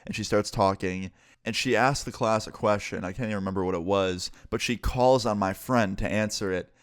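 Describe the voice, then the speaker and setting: Young guy telling a story time vlog, low voice, casual and sweary, dry close sound. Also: fairly quick, smooth, no echo. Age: young adult.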